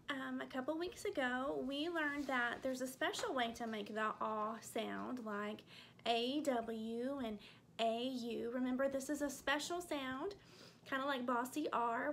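A woman teaching a remote phonics lesson to first graders, slowly sounding out letters and vowel sounds. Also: sits high, fairly bright tone, slight background noise. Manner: slow, clearly sounding out letters for small kids.

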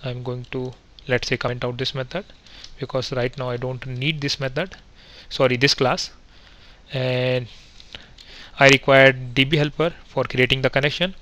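A man with a bright, forceful voice talks through a coding tutorial step by step. He is methodical and pauses on fillers, often correcting himself as he goes. His pitch sits in a middle register. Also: level tone. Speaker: software testing instructor. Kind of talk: screen-recorded coding tutorial.

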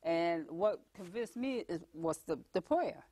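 A woman's voice: lowish voice, expressive, measured pace, dark tone, no echo. A woman hosting a religious talk show, chatting earnestly with her guest and laughing easily.

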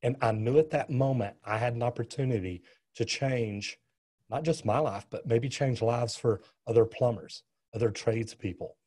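A middle-aged man speaks as an interview guest, recounting events in an earnest, storytelling way. His voice is husky and dark, and he often stumbles into restarts. He comes from the US West Coast. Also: medium pitch, moderate pace. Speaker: plumber, guest.

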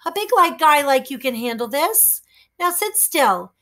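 A woman voicing a small, kind boy in a high, squeaky voice. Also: very animated, unhurried, pushed and bright, full character voice. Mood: urgent, soothing.

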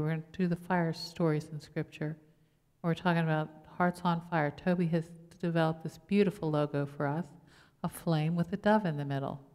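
Low-voiced woman pastor preaching in a reverberant church. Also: darkish tone. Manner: conversational preaching with rhetorical questions. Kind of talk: sermon. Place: church sanctuary.

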